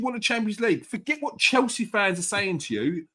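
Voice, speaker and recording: Guy fired up about football fans, kinda high voice. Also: sing-song, moderate pace, fairly bright tone. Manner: heated, ranting, mocking fan posts. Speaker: football podcast host. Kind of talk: casual football chat.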